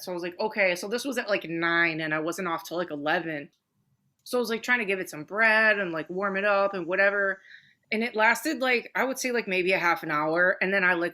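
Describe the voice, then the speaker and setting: A woman's voice: lowish voice, bright, forceful tone. A woman with a Detroit accent, co-hosting a podcast, talking bluntly in casual chat, full of "like" and swearing. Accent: Detroit, Michigan. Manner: blunt, heavy "like" filler, swearing. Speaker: podcast co-host.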